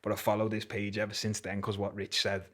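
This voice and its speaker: A man's voice: lowish voice, completely flat delivery, fairly quick, fairly bright tone. A young man with a Liverpool Scouse accent telling a story in casual, swearing, slang-heavy chat. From Liverpool, England. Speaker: guest, MMA fighter.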